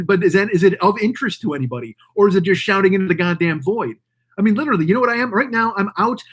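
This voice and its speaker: A man talking alone on his own show, cursing often and drifting from one gripe to the next. His voice sits high and husky, and he mocks what annoys him with a loose, rambling energy. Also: fairly bright tone. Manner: profane, rambling, mocking. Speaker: podcast host. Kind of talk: casual ranting monologue.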